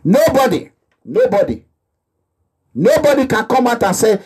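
A man's voice: extremely high pitch, sing-song, unhurried, darkish tone, husky. A man with a Nigerian accent delivering an impassioned, repetitive monologue that slips into pidgin phrases. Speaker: activist vlogger. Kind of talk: animated monologue.

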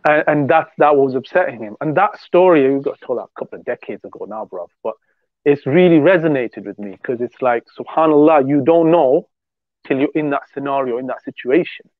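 A man's voice: medium pitch, fairly quick, dry recording. Male co-host, casual rambling teller, phone-quality dry audio. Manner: rambling storyteller with many restarts. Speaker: podcast co-host. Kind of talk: casual religious discussion. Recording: tinny phone-like dry sound.

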